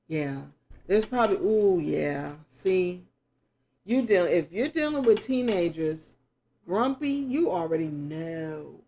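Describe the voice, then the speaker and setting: A middle-aged woman talks through a tarot reading at an unhurried, drawn-out pace. Her voice is dark and mellow. She muses aloud and now and then breaks off with sudden exclamations. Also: lowish voice, animated. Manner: slow, reflective, musing aloud with sudden exclamations. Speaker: tarot reader. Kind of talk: spoken tarot reading to camera.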